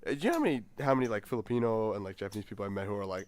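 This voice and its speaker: A young man co-hosting a podcast, telling stories in an animated way and laughing often. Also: fairly low pitch, rapid-fire. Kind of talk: casual chat.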